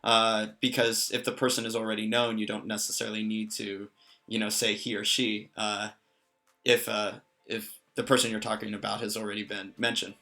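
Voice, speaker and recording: Man, language tutor, patient step-by-step explaining, bright forceful voice, average pitch, faint music underneath. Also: little pitch movement, normal speed, creaky. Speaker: language teacher. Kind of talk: casual spoken language lesson.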